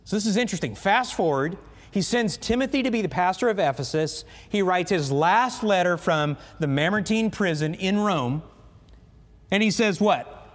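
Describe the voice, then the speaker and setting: A man preaches to his congregation in a high, expressive voice that leaps up and down as he drives his points home. He keeps asking the room questions. The sound rings with the long reverb of a large church hall. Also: normal speed. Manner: animated, asks the congregation questions. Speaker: pastor. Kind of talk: sermon. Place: church sanctuary.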